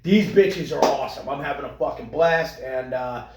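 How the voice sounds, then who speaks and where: A man co-hosting a podcast in casual crude banter, animated and profane, with lots of trailing restarts. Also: mid-range voice, moderate pace, roomy sound. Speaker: podcast co-host.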